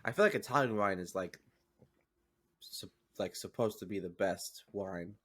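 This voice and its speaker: A man with a fairly low voice chatting on a podcast. He rambles, fills every gap with "like", and restarts his sentences often. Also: moderate pace, husky. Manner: rambling, filler-heavy, self-interrupting. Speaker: podcast co-host. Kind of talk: casual chat.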